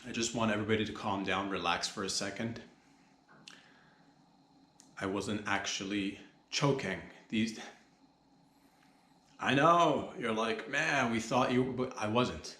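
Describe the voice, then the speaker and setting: A man's voice: on the low side, measured pace, long pauses, bright, forceful tone. A man hosting a solo comedy podcast, rambling loosely, joking and swearing as he goes. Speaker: podcast host. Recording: echoey room.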